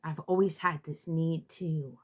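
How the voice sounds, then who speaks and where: A woman with a low voice, speaking slowly as she talks casually to her viewers about tarot. She hesitates often and restarts her sentences. She sounds emotional, as if holding back tears. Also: steady tone, darkish tone. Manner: halting, many fillers and restarts. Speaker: tarot reader. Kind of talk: casual talk to camera.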